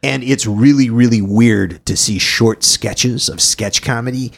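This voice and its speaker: A man's voice: mid-range voice, a little slow, vocal fry. A man co-hosting a podcast in casual chat, rambling with frequent fillers. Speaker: podcast co-host.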